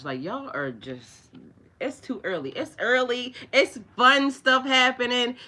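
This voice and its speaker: Hosting a spiritual livestream, a woman speaks in a medium-pitched voice that sounds pushed and bright. Her talk is loose and chatty, packed with fillers, aimed straight at her audience, and she derides the trolls with open scorn.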